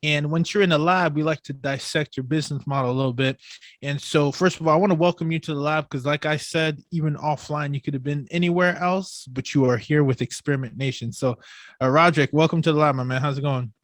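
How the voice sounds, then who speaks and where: Energetic male podcast host, dry sound. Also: a little high, fast, dry recording. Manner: energetic, slangy, restarts often. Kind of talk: upbeat interview hosting.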